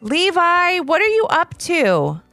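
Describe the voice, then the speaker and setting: A woman's voice: extremely high pitch, huge pitch swings, takes it slowly, bright, forceful tone, soft background music, pitched above the performer's own voice, heavily acted. A woman voicing a mother who calls out and speaks firmly. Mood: calling. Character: worried mother, firm but caring.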